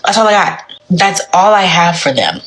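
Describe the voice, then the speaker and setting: A woman's voice: fairly low pitch, sing-song, normal speed, fairly bright tone, slight background noise, low-quality recording. A woman speaking bluntly and defiantly to camera, emphatic and repetitive. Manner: blunt, emphatic, repeats herself.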